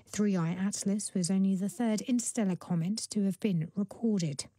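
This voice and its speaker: Newsreader, female, warm low-key timbre, steady formal bulletin delivery. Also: dry recording. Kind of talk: news bulletin reading. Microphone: studio microphone.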